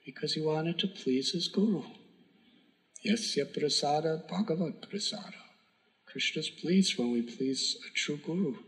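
A man giving a sermon, telling a devotional story in an earnest, emphatic way that sometimes drops to a hush. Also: fairly high pitch, measured pace, poor audio. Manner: earnest, emphatic storytelling with hushed whispered moments. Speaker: spiritual teacher.

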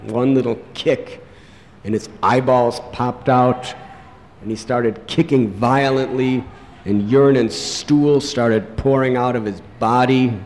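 A man preaching a sermon, telling a story dramatically and slowing down for emphasis. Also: mid-range voice, darkish tone. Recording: long hall reverb.

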